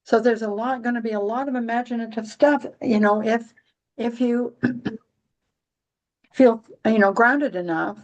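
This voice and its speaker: A woman with a fairly high voice talks through astrology in a loose, rambling way. She stumbles and restarts often, slipping in dry jokes and little giggles as she goes. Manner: rambling, halting with many restarts. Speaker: astrology podcast host. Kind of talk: casual astrology chat.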